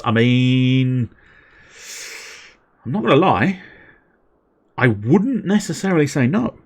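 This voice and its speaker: A man's voice: mid-range voice, big pitch swings, slow, pauses often. A man streaming a video game and chatting casually, rambling into playful wordplay with a self-deprecating touch. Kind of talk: casual livestream commentary.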